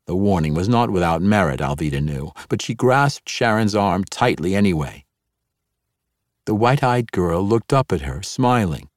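Male narrator, low voice, dry close sound, measured audiobook read. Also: no room sound.

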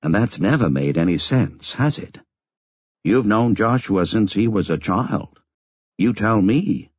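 A wry older nun quietly teases an old friend, as a man reads her. Her voice is husky and low, with a lively lilt. The audiobook recording sounds dry and a little dull. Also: unhurried, dry recording.

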